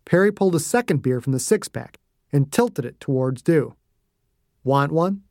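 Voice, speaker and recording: A man reading his own thriller aloud in a steady, gritty narration. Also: fairly high pitch, moderate pace, dry recording, studio quality. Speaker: author and narrator. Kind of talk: scripted audiobook narration.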